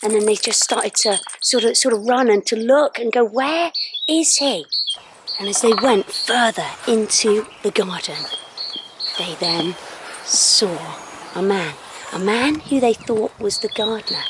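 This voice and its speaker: A woman telling a story to schoolchildren outdoors at sunrise. She speaks in an animated way and drops to hushed tones at dramatic moments, recorded on a handheld phone. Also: medium pitch, measured pace, very noisy. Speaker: school assembly presenter. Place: outdoors on a hill at sunrise with a dog. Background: birdsong.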